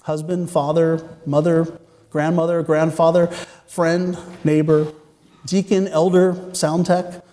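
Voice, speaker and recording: A man's voice: fairly high pitch, little pitch movement, slow, mellow. A man preaching a sermon from a church sanctuary, earnest and storytelling, with joking asides. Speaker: pastor. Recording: long church-hall reverb.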